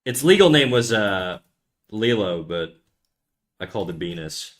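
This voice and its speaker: A young man streaming live as he draws, chatting casually with his viewers and trailing off quietly while he concentrates. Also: on the low side, very animated, unhurried.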